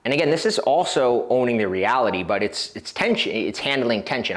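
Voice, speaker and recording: Animated male dating coach. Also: medium pitch, brisk. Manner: animated storytelling, acting out quoted voices; casual with frequent fillers and restarts. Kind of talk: instructional video talk to camera.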